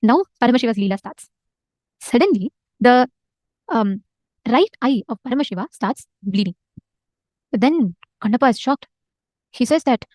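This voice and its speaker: Fast-talking woman telling a devotional tale. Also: a little high, dry recording. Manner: animated, emphatic, repeats phrases for effect. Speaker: storyteller in a spiritual session. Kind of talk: casual spoken storytelling.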